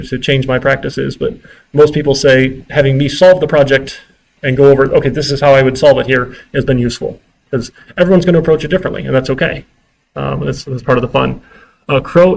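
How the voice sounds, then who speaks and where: Gravelly, chatty male lecturer. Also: on the high side, poor audio. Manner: chatty, exasperated asides, frequent "right?" and "um". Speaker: university lecturer. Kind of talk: casual classroom lecture.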